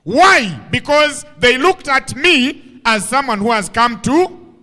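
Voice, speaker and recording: Lively man telling comic stories. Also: very high voice, slow, big-room sound. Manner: animated, playful storyteller. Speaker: motivational speaker. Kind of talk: comic storytelling talk.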